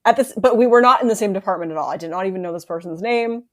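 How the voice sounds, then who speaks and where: A woman's voice: medium pitch, racing. A woman guest in a casual podcast chat, hesitant with many fillers and easy laughs.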